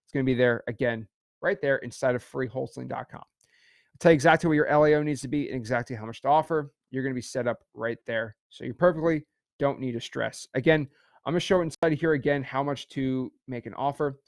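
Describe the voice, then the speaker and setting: A man's voice: medium pitch, fast, gravelly, no room sound, studio quality. A man teaching an online real estate session in an emphatic, repetitive way, checking in with "okay" again and again.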